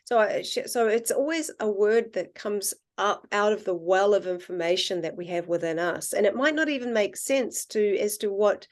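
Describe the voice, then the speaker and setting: A woman guest in casual conversation, telling animated stories and acting out the dialogue. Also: mid-range voice, normal speed, few pauses. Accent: non-American accent, self-described. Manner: animated storyteller, acts out quoted dialogue. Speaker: guest, water researcher.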